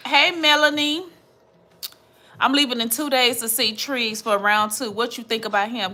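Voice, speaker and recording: A young adult woman chats live with her viewers. Her voice sits high and sounds bright and forceful. She talks in an animated, gushing way and calls everyone girl and baby. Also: moderate pace. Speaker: livestream host. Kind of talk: casual livestream chat with viewers.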